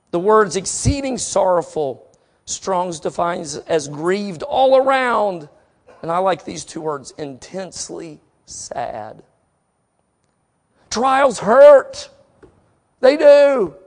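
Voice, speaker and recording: A middle-aged man preaching a sermon, swinging from soft, slow passages to emphatic exhortation, and reading scripture aloud deliberately. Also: high voice. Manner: reads scripture aloud slowly.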